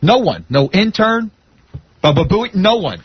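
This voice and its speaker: A man's voice: high voice, sing-song, unhurried, husky, no room sound. A man who presents a TV show, guesting on radio and giving upbeat, coaxing pep talks. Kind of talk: radio talk show banter. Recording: muffled lo-fi radio broadcast.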